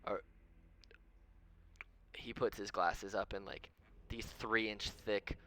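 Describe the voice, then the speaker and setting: A man running a tabletop game as game master, narrating in a loose, rambling way full of ums. His voice sits low in pitch yet has a bright, forward edge. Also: steady tone, slow pace. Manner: rambling, lots of ums, chuckles often.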